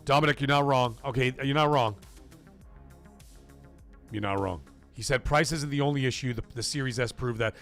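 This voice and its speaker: A man hosting a live stream, talking in a casual, emphatic and repetitive way, his voice getting hoarse. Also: medium pitch, moderate pace, long pauses, a bit bright, soft background music. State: voice going hoarse. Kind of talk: casual live-stream chat reading donations.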